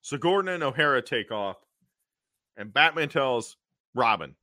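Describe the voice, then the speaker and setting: A man co-hosting a podcast, recapping an old TV episode in an animated way, acting out the characters' lines and often clearing his throat. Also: medium pitch, unhurried, dry recording, studio quality. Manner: animated storytelling, acting out quotes in funny voices. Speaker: podcast co-host.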